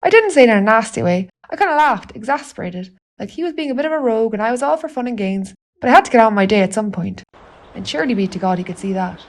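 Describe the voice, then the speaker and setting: Irish woman, fairly high voice, telling her strange dreams in an intimate, sweary monologue. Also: expressive, fast. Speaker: narrator of an autofictional audio artwork. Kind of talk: confiding spoken-word monologue.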